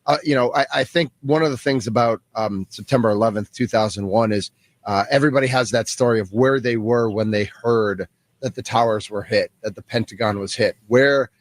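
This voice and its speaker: A middle-aged man co-hosting sports talk radio, speaking in a measured way with a few fillers. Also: mid-range voice, no echo. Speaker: radio co-host.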